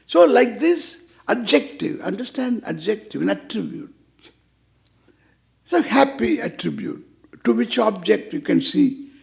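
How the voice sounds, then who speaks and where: An older man leads a scripture class with a playful, teasing humor, acting out little exchanges as he goes. His voice is gravelly and pitched fairly high, swinging widely up and down. He sounds like a spiritual teacher at ease with his students. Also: big pitch swings, a little slow. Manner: playful, teasing, acts out quoted dialogue.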